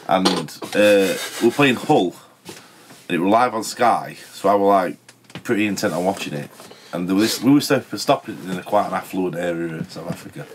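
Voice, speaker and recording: A man telling a story in casual chat, animated and broad in dialect. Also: low voice, a little hiss or hum. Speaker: band member telling a story.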